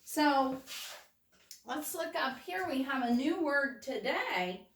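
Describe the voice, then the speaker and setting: Woman, first grade teacher, patient and deliberate, roomy distant recording. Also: sits high, animated. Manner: slow, patient, checks in with "okay?" often. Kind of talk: recorded phonics lesson for young children.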